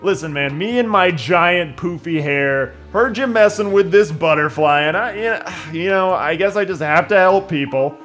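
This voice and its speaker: A man's voice: high-pitched, moderate pace, few pauses, fairly bright tone, soft background music. A young man giving casual let's-play commentary, full of jokey, sarcastic asides.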